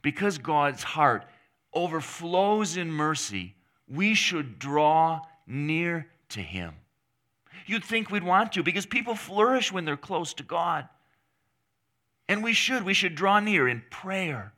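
A male pastor preaching a sermon in an earnest, emphatic way, with long pauses between phrases. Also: fairly high pitch, big pitch swings, sharp tone.

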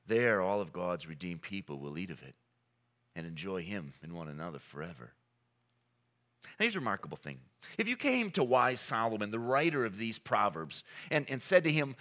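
A male pastor delivers a sermon with an earnest, emphatic style, leaning into dramatic pauses. His pitch swings widely from phrase to phrase, and his voice has a bright, forward edge. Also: big pitch swings.

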